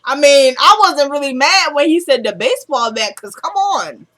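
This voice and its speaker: Eine Frau mit Südstaatenakzent, die locker eine Serienfolge nacherzählt und die Figuren mit tieferer Stimme zitiert. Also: female voice, animated, normal speed, a bit bright. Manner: retells scenes, quoting characters in a lowered voice. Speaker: TV episode recap vlogger. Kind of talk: casual recap chat.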